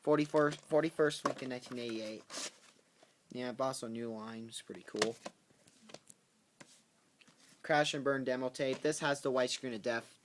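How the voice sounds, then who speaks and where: A man casually going through his tape collection on camera, talking in halting bursts with ums and restarts. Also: medium pitch. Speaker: VHS tape collector vlogger. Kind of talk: casual spoken video commentary. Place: at home with a pet in the room. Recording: noisy home recording with clicks.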